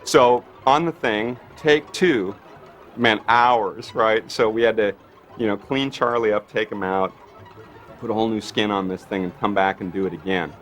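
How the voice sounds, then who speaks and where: A man recalling a production story in an interview, animated, with many fillers. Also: fairly low pitch, normal speed. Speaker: makeup effects artist. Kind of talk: anecdotal interview. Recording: light music underneath.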